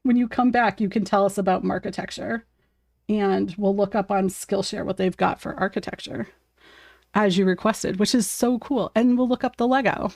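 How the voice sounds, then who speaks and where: A woman's voice: medium pitch, fairly even intonation, moderate pace, gravelly, darkish tone, no echo, studio quality. A woman chatting casually on a live art stream while she paints at her home desk, talking to her cat and viewers and laughing often.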